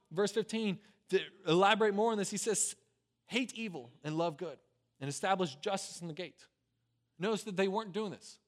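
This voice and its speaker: A man preaching a sermon, swinging from loud urgent pleading to quiet, low asides. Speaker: pastor.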